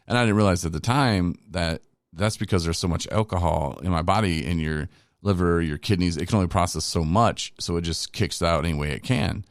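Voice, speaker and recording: A middle-aged man with a very deep voice talks through his past in a loose, candid podcast ramble. He is self-deprecating and wanders off track. The sound is dry and close, with no room around it. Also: fairly quick, no room sound. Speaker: recovery podcast host. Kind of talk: casual personal storytelling.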